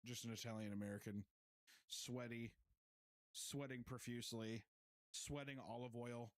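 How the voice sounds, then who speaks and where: A man's voice: medium pitch, level tone, normal speed, no echo. A young man chatting casually with friends, rambling and giggling through absurd jokes. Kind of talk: casual chat among friends.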